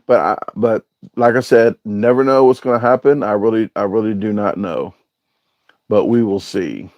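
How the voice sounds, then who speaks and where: A man's voice: on the low side, fairly even intonation, moderate pace, no echo, lo-fi sound. A man hosting a casual livestream, reading out viewer comments and answering them in a rambling, hesitant way with lots of filler sounds. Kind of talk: casual live-stream chat.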